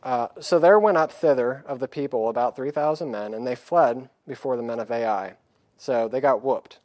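A man's voice: medium pitch, normal speed, darkish tone, no room sound. A man preaching a sermon in a plain-spoken way, reading scripture aloud and acting out the pleading voices of the people. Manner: reads scripture aloud in a raised voice.

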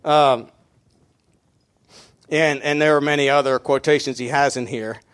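A man's voice: medium pitch, steady tone, unhurried, a bit bright. A middle-aged man preaching a sermon as pastor, talking conversationally with many fillers and restarts, counting out beats aloud. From Mennonite community.

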